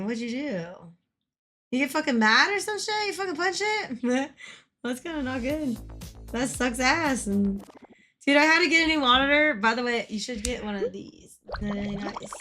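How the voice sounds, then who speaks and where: Young woman, livestreamer, casual profane chat, greets viewers, slightly high pitch. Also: lively intonation, a little slow, bright, forceful tone. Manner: chatty and profane, greets viewers, frequent laughs. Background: game music.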